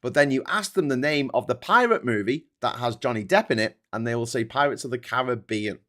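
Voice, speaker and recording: A man's voice: mid-range voice, lively intonation, fairly quick, sharp tone. Man, casual livestream host, rambling, sweary, mid-range voice. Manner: rambling and sweary, laughing at his own jokes. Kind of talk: casual chat reading viewer comments.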